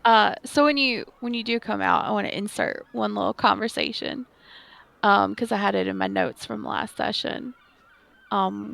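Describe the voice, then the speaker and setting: A woman player in a tabletop game, setting up a scene in a relaxed way. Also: medium pitch, vocal fry, dry recording. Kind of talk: tabletop role-play chat.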